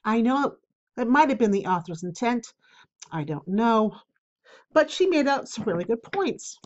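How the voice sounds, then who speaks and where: A woman's voice: on the high side, big pitch swings, a little slow, muffled recording. A woman hosting her own spiritual advice podcast, talking candidly and rambling with fillers, with a cough drop in her mouth. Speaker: podcast host. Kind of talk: casual solo podcast talk.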